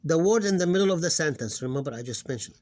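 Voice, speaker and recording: Guy teaching, kinda high voice, lots of uhs and restarts, sounds things out slowly. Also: lively intonation, a little mellow. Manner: hesitant, repeats words, slows to sound out syllables. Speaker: Arabic teacher. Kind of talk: casual recorded lesson.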